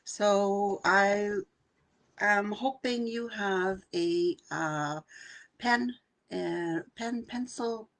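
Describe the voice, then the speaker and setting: An older woman who works as an intuitive channeler, hosting a live session and leading a calm, soft guided meditation talk in which she half whispers some lines. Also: medium pitch, very slow.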